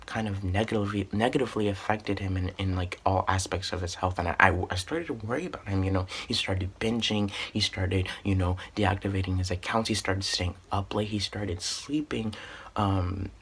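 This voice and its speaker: Young man, storytime vlogger: husky lower voice, earnest, rambling, heartfelt. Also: steady tone, normal speed, fairly bright tone. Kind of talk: casual storytime narration.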